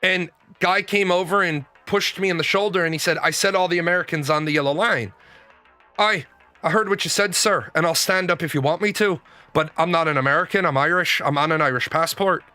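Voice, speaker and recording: A man's voice: sits high, brisk, pushed and bright, soft background music. A man in a casual monologue, telling stories in a blunt, rambling way with frequent swearing. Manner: blunt, profane, rambling storytelling. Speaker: show host.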